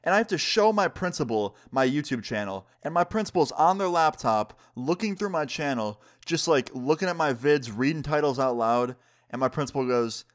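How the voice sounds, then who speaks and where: A man YouTuber telling a storytime vlog with lively, acted-out dialogue. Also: on the high side, normal speed.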